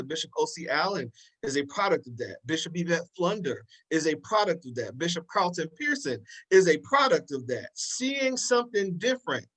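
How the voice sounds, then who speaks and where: A man's voice: a little high, a bit bright, poor audio. A man speaking as a guest in a live panel discussion, impassioned and preacherly in cadence, often repeating the same phrases. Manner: repeats "in that respect".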